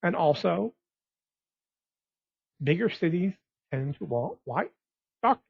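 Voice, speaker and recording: Speaking slowly but with animation, a West Texas blogger with a slightly high, husky voice wanders from one thought to the next in a casual monologue, circling back and restarting often. The audio is tinny, phone-like and dry, with no room sound around him.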